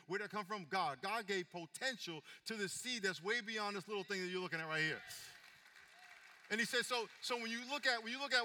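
A man pastor delivering a sermon, his voice pitched high and very bright. He drops to a hushed, intimate tone, then climbs to loud calls and asks the congregation for amens. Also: in a large hall. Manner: call-and-response preaching, swings from hushed to loud.

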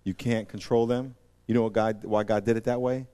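With a lowish, level, smooth voice and a fairly quick delivery, a man gives a sermon. He keeps it conversational, tossing in slang and acting out voices, and shifts from hushed asides to loud, emphatic high points.

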